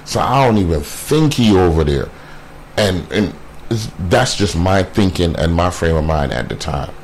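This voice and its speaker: A man telling a painful personal story in a casual way, halting often with fillers and repeated words. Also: low-pitched, expressive, a little mellow, a little hiss or hum. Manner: quotes others in a brisk voice.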